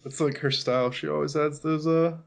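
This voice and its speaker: A man talking in a relaxed, hesitant way during a casual online chat with friends. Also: a little high, fairly quick, gravelly. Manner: relaxed, laid-back, hesitant with fillers. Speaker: co-host.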